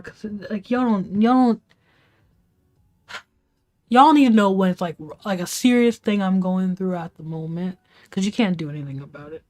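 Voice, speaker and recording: Woman venting in a hushed half-whisper. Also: mid-range voice. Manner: hushed, half-whispered talk to keep quiet; swearing, rambling with restarts. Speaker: live streamer. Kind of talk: venting storytime on a livestream. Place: at home late at night.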